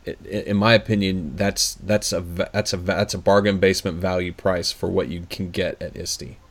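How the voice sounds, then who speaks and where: A man with a very low voice chats casually as a podcast co-host. He talks with eager enthusiasm and keeps restarting his phrases as he goes. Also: little pitch movement, fairly quick. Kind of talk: casual chat.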